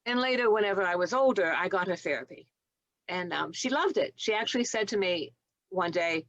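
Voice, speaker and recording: A woman in her seventies, a retired nurse telling heartfelt stories in an interview, earnest and gentle. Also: on the low side, expressive, a little fast, no room sound, muffled recording. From United States. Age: 70s. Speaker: guest, retired nurse and author. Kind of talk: reflective storytelling interview.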